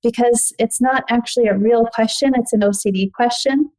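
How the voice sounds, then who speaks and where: A woman's voice: a little high, moderate pace, a little mellow, low-quality recording. A woman guest, a psychologist, explaining in casual talk and often saying "like".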